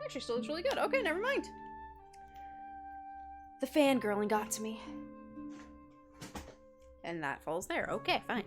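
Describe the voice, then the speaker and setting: A young woman playing through a game and chatting excitedly with viewers as she reacts out loud. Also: fairly high pitch, unhurried, long pauses, faint music behind. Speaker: gaming streamer. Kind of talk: let's play commentary.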